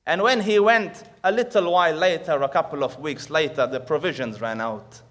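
A man with a voice on the high side preaches a sermon, telling a story with acted-out quotes and quickly recited Arabic verses. He shifts between loud emphasis and hushed asides.

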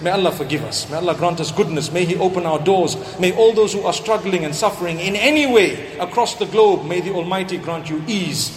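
A high-pitched man delivers a sermon, telling stories and weaving Arabic quotations and prayers into his talk. His voice rings through a large, echoey hall, with faint ambience behind him. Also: brisk, hardly any pauses, slight background noise. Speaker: preacher.

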